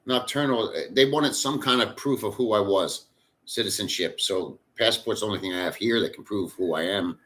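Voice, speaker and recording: A man's voice: fairly low pitch, moderate pace, fairly bright tone. A middle-aged man chatting casually with live viewers, rambling and blunt, with frequent cursing. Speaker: livestream host. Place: in the Philippines.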